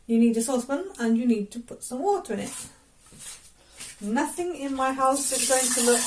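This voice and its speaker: A woman's voice: a little high, darkish tone, slight background noise, rough recording. Chatty woman vlogging in her kitchen. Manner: chatty, rambling, self-deprecating asides. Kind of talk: casual cooking vlog. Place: home kitchen.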